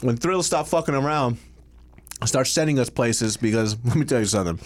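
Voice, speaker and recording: A man's voice: mid-range voice, a little fast, background noise. A man co-hosting a casual podcast over food, joking and self-mocking as he talks. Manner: joking, self-mocking, bursts into loud laughter. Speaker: podcast co-host.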